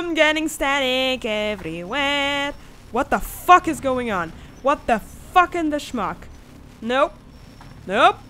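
A young woman commentating a horror game, swinging between shrieking panic and calm muttering and swearing a lot. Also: high-pitched, slow, background noise. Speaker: gamer.

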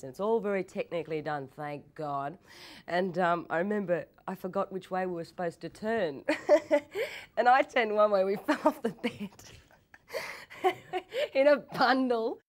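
A young woman in an interview, telling anecdotes in a lively way, laughing often and restarting her sentences. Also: on the low side. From Australia. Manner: animated storytelling, laughs often, quick repeated restarts. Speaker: actress interviewee.

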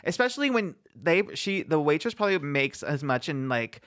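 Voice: medium pitch, big pitch swings, a bit bright. Podcast co-host retelling a story. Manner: recounts stories slowly, with filler words and restarts. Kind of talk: casual podcast chat.

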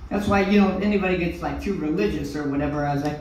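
Brief: older stand-up comic, profane and rambling, mid pitch, booming echo, heard from afar in a club. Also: racing, hardly any pauses, slight background noise. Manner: profane, rambling, loud swings. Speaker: stand-up comedian. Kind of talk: stand-up set. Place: comedy club stage. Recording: echoey room from a distant mic.

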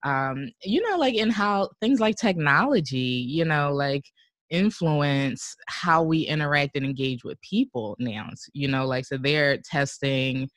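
A woman's voice: sits low, unhurried, no room sound, clean studio sound. A woman guest talking casually about driving, full of "like" and "you know" and frequent laughter. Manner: chatty, heavy use of "like" and "you know", laughs often. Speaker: podcast guest, driving show host. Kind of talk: casual conversational interview.

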